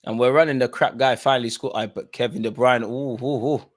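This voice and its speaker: A man hosting a live football watch-along, chatting in slang about the match and breaking into loud shouts when a chance or goal comes. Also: medium pitch, steady tone, a little fast. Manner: London slang, bursts into shouting at chances and goals.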